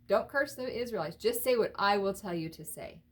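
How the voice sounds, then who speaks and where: God, male deity in a storybook lesson, measured and firm, voiced lightly by a woman teacher. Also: medium pitch, lively intonation, natural voice. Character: God, a male deity granting stern permission.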